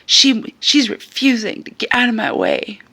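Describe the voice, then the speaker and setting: A screeching old woman shopper, furious and indignant, her voice shoots high above the speaker's own as a man puts her on. She yells shrilly with a bright, gravelly edge. The sound is a bit distant from the mic. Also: huge pitch swings, measured pace, exaggerated voice.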